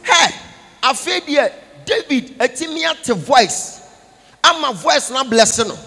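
A prophet giving a call-and-response sermon, moving between English and Twi and breaking into chanted, sung lines and shouts. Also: male voice, very high voice, animated, slow pace, slightly rough. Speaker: prophet preaching. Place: large church conference hall.

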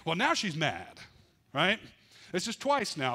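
A man preaching a storytelling sermon with a somewhat high voice. He swings from hushed narration to loud, fast bursts, full of drama. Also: sing-song. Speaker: pastor.

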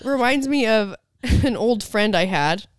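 A woman's voice: a little high, animated, unhurried, no room sound, studio quality. A woman hosting a casual podcast from a living room, teasing and blunt with frequent giggles. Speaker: podcast host. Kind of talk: casual chat and read ad. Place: living room at parents' house.

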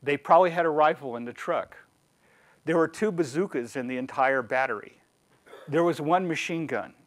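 A man's voice: on the high side, normal speed. A man giving a conversational history lecture with slides as a guest speaker, wry and digressive. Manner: wry, digressive, lively storyteller.

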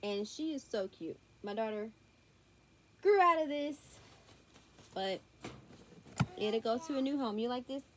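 Speaking at a measured pace with frequent pauses, this young woman has a slightly high, expressive voice and a thick Southern US accent. She vlogs a clothing haul from a room at home with her daughter close by, chatty, drawling and full of y'alls. Her tablet's built-in mic adds a little hiss or hum.

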